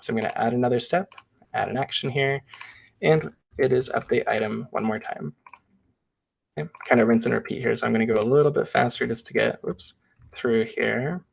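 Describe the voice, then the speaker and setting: Male presenter with a gravelly voice, casually talking through a screen demo. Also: mid-range voice, fairly quick. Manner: casual step-by-step walkthrough, chatty asides. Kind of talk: live software demo.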